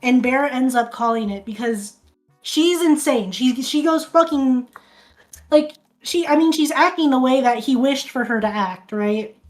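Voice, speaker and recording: High-voiced woman streamer chatting casually. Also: a little slow. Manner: rambling, swears often, restarts sentences. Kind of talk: casual chat recapping a film.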